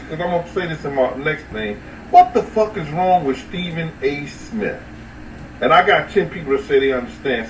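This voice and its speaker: Roomy off-mic man chatting on a livestream. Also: far from the mic. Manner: loose, profane, rambling commentary with sudden high-pitched outbursts. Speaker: livestream host talking to chat. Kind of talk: casual unscripted livestream chat. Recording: roomy echo, off-mic, faint ambient noise.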